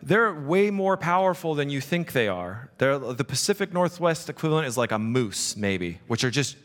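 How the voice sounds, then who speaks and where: A man's voice: on the high side, sing-song, normal speed. A male pastor preaching a casual, conversational sermon, often checking in with the congregation. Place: church sanctuary. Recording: long reverb of a hall.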